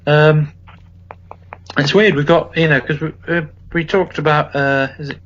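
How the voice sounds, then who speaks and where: A man's voice: fairly high pitch, fairly even intonation, a little slow, fairly bright tone, slight background noise. A man co-hosting a podcast, chatting casually about football, rambling with lots of fillers and restarts. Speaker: podcast co-host. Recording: dull lo-fi podcast audio.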